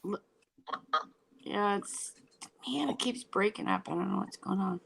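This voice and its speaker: A woman with a raspy voice, chatting casually in an online group voice chat and asking the chat for opinions. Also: mid-range voice, unhurried, low-quality recording.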